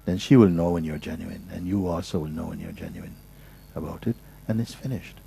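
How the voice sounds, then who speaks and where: A man speaking as a spiritual teacher, patiently and softly giving advice at a gathering, often restarting his sentences. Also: sits low, fairly quick, creaky, slight background noise, low-quality recording. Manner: patient, soft-spoken, with frequent restarts. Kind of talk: gentle advice in a question session.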